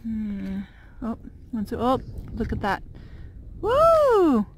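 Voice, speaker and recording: A woman's voice: mid-range voice, steady tone, unhurried, a little mellow, a little hiss or hum. A woman vlogging from inside her van, chatting casually with frequent fillers and little laughs. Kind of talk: casual vlog chat.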